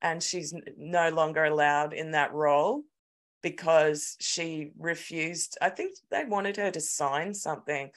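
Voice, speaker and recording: An Australian woman co-hosting a podcast, telling a story in an animated, sweary, casual way. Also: low voice, a little slow. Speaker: podcast co-host. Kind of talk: casual chat.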